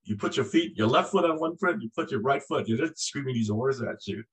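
A man in his sixties, a former Marine guest, telling stories in a lively, conversational way and acting out the voices in his anecdotes. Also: mid-range voice, a little fast, poor audio. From United States. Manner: animated storyteller, acts out voices in anecdotes. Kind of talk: conversational storytelling.

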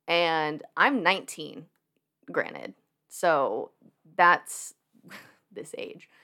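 Animated young woman telling a story. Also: lowish voice. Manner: animated, laughing, lots of fillers. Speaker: podcast guest. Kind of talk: casual storytelling.

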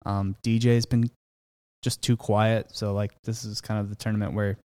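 A man hosting a casual golf betting podcast, talking in a relaxed, matter-of-fact way with lots of fillers. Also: fairly low pitch, normal speed, clean tone, dry recording. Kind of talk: casual sports betting chat.

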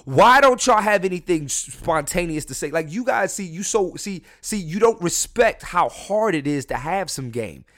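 A young man hosting a solo podcast from his room at home, drunk and high, talking loosely and jokingly, with mumbled asides that break into loud emphatic bursts. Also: animated, moderate pace, few pauses. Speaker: podcast host. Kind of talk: casual solo podcast rant.

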